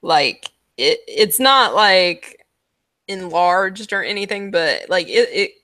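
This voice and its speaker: A woman runs a tabletop game, describing the scene in a loose, chatty way dotted with "like." She speaks slowly with a lively, swooping voice. The sound is dry and close. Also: fairly low pitch, no room sound. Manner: descriptive, full of "like" and chuckles. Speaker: game master.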